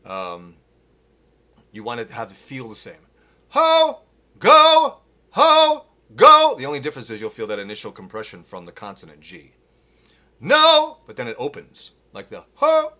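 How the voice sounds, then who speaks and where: Over a phone mic, a man with a lowish voice gives a live-streamed singing lesson as a vocal coach. He explains technique with restarts and breaks into loud sung grunts and vocal exercises as demonstrations.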